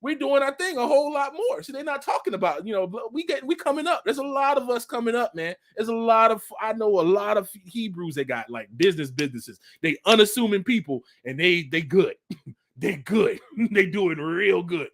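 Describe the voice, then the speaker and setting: A man giving a casual religious commentary monologue, animated and slangy, often breaking into laughter. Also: sits high, moderate pace. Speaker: vlogger.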